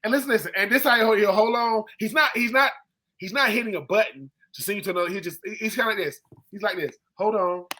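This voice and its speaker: A man with a high, bright voice spins a casual story on a sports podcast. He slips into the voices of the people he quotes. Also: quick pace. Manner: animated storyteller who acts out quoted people. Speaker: co-host, former football player.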